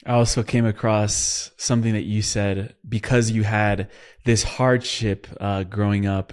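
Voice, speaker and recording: A man hosting a podcast, asking calm, measured interview questions. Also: on the low side. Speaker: podcast host.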